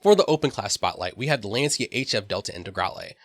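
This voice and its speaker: A man's voice: lowish voice, animated, fast, a bit bright, no room sound. A man hosting a weekly gaming recap, reading a scripted voice-over in a dry, matter-of-fact way with the odd wry aside. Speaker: gaming channel host.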